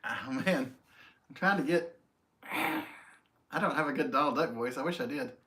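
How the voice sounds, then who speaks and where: A man's voice: medium pitch, moderate pace, bright, forceful tone. A man hosting a casual live stream at home, greeting viewers by name and chatting in a friendly, self-deprecating way. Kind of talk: casual chat reading viewer comments.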